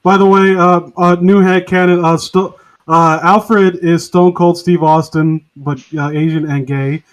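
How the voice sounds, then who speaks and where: A man's voice: sits high, level tone, a little slow. A man co-hosting a podcast, rambling and swearing through casual comedic chat. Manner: rambling, swearing, laughing often. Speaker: podcast co-host.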